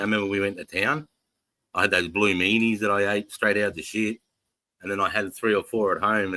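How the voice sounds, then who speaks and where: Aussie bloke host, kinda low bright voice, swearing his way through a story, dry sound. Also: no echo. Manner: profane, animated anecdote-telling with acted-out quotes. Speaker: live show host. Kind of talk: casual storytelling.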